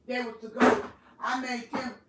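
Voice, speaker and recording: A woman vlogger's angry home rant is full of cursing and repetition, spoken in Southern African American vernacular. Her voice is on the high side, flat and moderately paced, far from the mic in an echoey room with faint noise.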